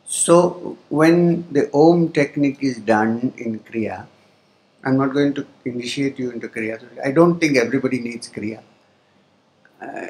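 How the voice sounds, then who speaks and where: A spiritual teacher gives a discourse to a live audience in a hall, explaining things slowly, pausing often and chanting Sanskrit terms. His voice is mid-range and a little mellow.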